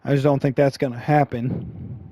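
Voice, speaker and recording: A man commentating his own football video game, frustrated and grumbling as he plays, and his voice is starting to go hoarse. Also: mid-range voice, little pitch movement, normal speed, dark tone, dry recording. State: losing his voice. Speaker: gaming channel host. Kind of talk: live gameplay commentary.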